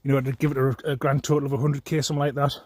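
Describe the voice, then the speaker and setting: A man's voice: medium pitch, little pitch movement, rapid-fire, darkish tone, dry recording. A man in an angry, profane monologue, mocking his critics and laughing at them.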